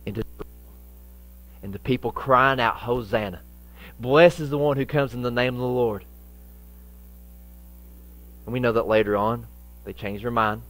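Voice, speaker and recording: A man with a lowish voice preaches as pastor, using folksy language. He repeats phrases for emphasis and alternates dramatically between booming and hushed delivery.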